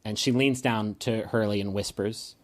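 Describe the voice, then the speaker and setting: A man's voice: fairly low pitch, steady tone, normal speed. A man narrating scenes as game master of a tabletop game, with many ums and uhs.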